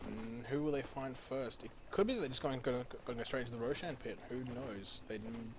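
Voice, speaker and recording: An Australian man doing play-by-play commentary on a video game match. He gets louder and faster as the fights heat up. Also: mid-range voice, background noise. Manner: excitable, speeds up and gets loud in fights. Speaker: esports caster.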